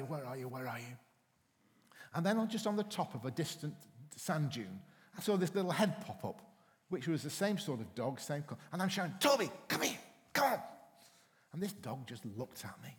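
Storytelling preacher in a reverberant hall. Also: male voice, a little high. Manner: storytelling, acts out voices in anecdotes. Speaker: pastor. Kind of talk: sermon. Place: church hall.

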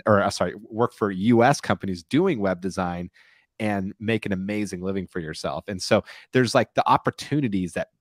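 Very deep-voiced man in casual talk. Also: no room sound, clean studio sound. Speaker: co-host. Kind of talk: casual podcast discussion.

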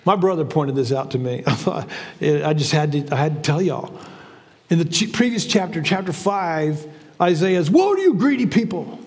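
A man's voice: fairly high pitch, moderate pace, in a large hall. A man preaching a sermon as pastor, in a conversational style with frequent repeats and restarts.

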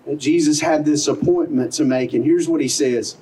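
The recording is rough and distant: a middle-aged man from the American South, serving as pastor, delivers an outdoor sermon in a parking lot. He sounds mellow and slightly high at an ordinary pace, earnest and conversational, full of rhetorical questions.

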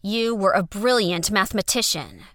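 A woman voicing an irritable male giant larva scientist who barks curt, loud lines. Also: medium pitch, expressive, moderate pace, no room sound, clean studio sound, close to an everyday voice.

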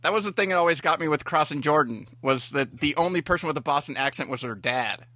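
A man's voice: on the high side, fast talker, bright, forceful tone, dry recording. A man co-hosting a podcast, talking casually about TV shows in long, meandering sentences. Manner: rambling, many fillers and restarts. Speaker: podcast co-host. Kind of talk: casual TV review chat.

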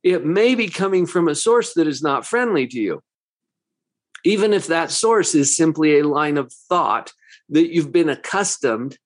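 Lively-voiced male psychologist. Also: a little high, a little slow. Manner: rhetorical questions, conversational and emphatic. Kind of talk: motivational talk.

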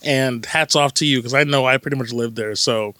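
A man hosting a podcast, chatting casually and rambling, quick to laugh. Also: medium pitch, sharp tone, dry recording. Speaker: podcast host.

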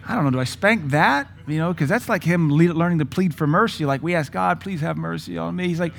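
A man's voice: fairly high pitch, a little fast, gravelly, few pauses, slight background noise. A man in his thirties preaching a sermon in a blunt, folksy way, acting out his children's voices. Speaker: pastor.

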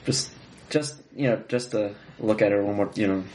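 A man's voice: lowish voice, fairly even intonation, a little fast, mellow. A man playing his character in a tabletop game, speaking hesitantly. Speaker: player. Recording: roomy and noisy.

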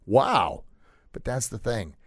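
A man's voice: mid-range voice, fairly quick, darkish tone, no echo, studio quality. A middle-aged man hosting a motivational podcast, talking earnestly and repeating phrases for emphasis. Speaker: podcast host.

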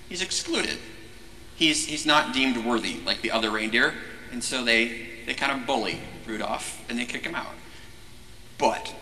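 Animated priest in an echoing hall. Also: male voice, mid-range voice, a little hiss or hum. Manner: animated, jokey, self-interrupting. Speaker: Catholic priest. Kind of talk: casual teaching talk. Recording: echoey hall with long reverb.

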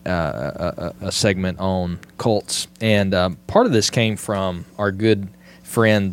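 Low-voiced hesitant male podcast co-host. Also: takes it slowly, clean tone. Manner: hesitant, many fillers and restarts when leading a segment. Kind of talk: casual podcast chat.

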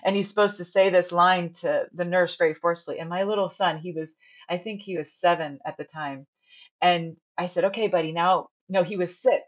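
Chatty low-voiced woman, earnest. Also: fairly even intonation, a little fast. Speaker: stage director and actress. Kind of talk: casual podcast interview.

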